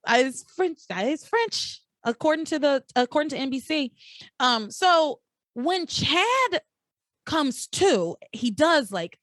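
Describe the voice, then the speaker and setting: A higher-pitched woman who talks with lively swings in her voice, chatting casually as a podcast host. She retells events with incredulous, mock-outraged energy. The sound is dry and close to the mic. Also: takes it slowly, no echo. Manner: animated, incredulous storytelling with exaggerated outrage. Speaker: podcast host recapping a soap opera. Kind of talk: casual chat.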